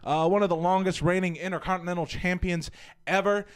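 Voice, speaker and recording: Upbeat hype-man wrestling fan, smooth voice. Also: sits high, fairly even intonation, fairly quick. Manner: playful, hype-man announcing. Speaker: podcast co-host. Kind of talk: casual wrestling fan chat.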